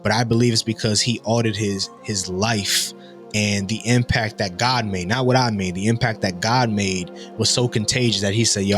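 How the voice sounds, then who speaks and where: A young man in his twenties with a fairly low voice tells a personal testimony. He is animated, acting out every line of dialogue. Soft music plays faintly underneath. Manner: animated storytelling, acting out dialogue with big pitch jumps. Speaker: guest storyteller. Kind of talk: testimony story.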